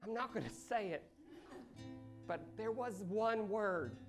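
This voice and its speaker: A woman's voice: mid-range voice, lively intonation, takes it slowly. A woman improvising a lovestruck man who reads his rambling love letter aloud on a live comedy stage. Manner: rambling, earnest, breaks into laughter. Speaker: improv performer. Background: live music underscore.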